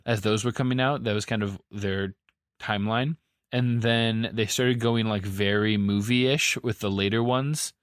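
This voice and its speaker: A man's voice: on the low side, steady tone, a little slow, smooth, no room sound, clean studio sound. A man co-hosting a podcast, talking in a rambling, easygoing way with many fillers. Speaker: podcast co-host. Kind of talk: casual chat.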